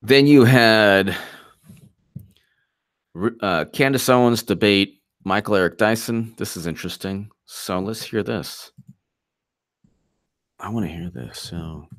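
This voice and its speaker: A man hosting a live political commentary stream, talking fast and animated, repeating himself and mocking opponents. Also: on the low side. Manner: animated, repetitive, mocking quoted voices.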